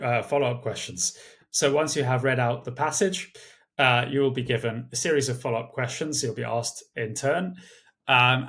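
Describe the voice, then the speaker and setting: A man giving a recorded exam tutorial, speaking in a measured way with many uh and um fillers. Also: mid-range voice, a bit bright. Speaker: language tutor. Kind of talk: screen-share exam tutorial.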